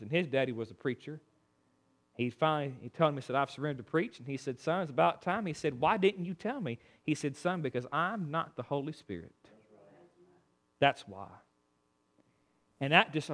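A male preacher, delivering a sermon in a folksy storytelling way, moving between loud preaching and quiet asides. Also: a little high.

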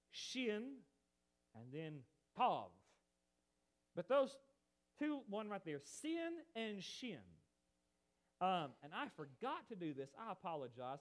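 A man preaching a sermon in a high voice that swings up and down with emphasis. He talks animatedly, stressing points and turning to chat with his congregation. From United States. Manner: chatty asides to the congregation.

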